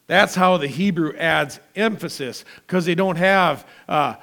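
A male pastor preaching a sermon, emphatic and dramatic, swinging between loud declarations and quiet asides. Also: high voice, takes it slowly, gravelly.

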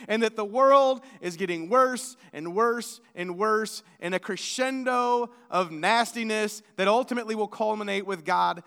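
A man's voice: very high-pitched, fairly bright tone, smooth. A male pastor preaching a sermon in an earnest, conversational way, often restarting his sentences. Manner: earnest, with frequent restarts and stammers. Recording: long hall reverb.

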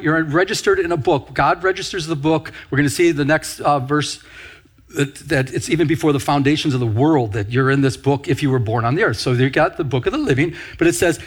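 A man's voice: on the high side, slightly rough. Man preaching a teaching sermon. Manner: teaching, repeats phrases and asks the congregation questions. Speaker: pastor.

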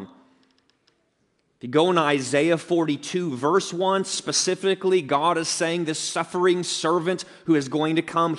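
A man's voice: on the high side, fairly even intonation, measured pace. A man preaching an earnest, emphatic expository sermon as pastor. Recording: long reverb of a large hall.

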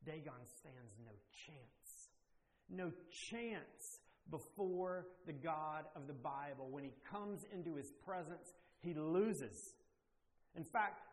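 Emphatic male preacher in an echoey hall. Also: on the high side. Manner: emphatic, rising to forceful declarations with slow deliberate pauses. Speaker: pastor. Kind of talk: sermon.

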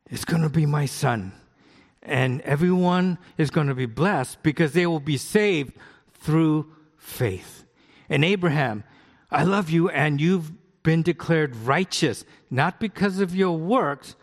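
A middle-aged man from the United States preaches to his congregation, talking in a relaxed, conversational way and often asking the listeners questions. His voice sits a little high. A long reverb from a church hall hangs behind him. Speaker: pastor. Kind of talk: sermon with live demonstration.

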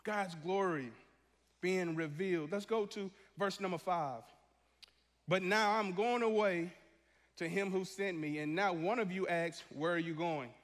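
Male pastor preaching, high voice, long church reverb; lively, shifts to a hushed voice for acted prayers. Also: unhurried. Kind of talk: sermon. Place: church sanctuary.

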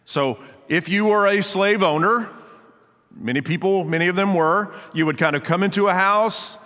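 A man's voice: sits high, normal speed, a bit bright. A man giving a conversational sermon as pastor, explaining scripture with casual asides. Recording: long hall reverb.

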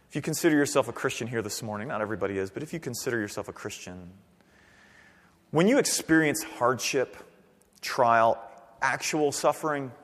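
A man preaching a sermon in a church, animated, swinging from near-shouts down to quiet, earnest tones. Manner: animated preaching, rising to near-shouts then dropping low. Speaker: pastor. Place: church sanctuary. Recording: long reverb of a church hall.

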